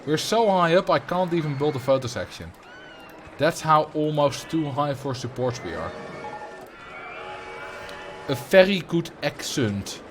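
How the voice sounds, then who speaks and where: Speaking a little slowly and pausing often, this Dutch-accented man from the Netherlands has a voice on the high side with big pitch swings. He's a chatty streamer who builds in a game while fielding questions from chat, with slight background noise.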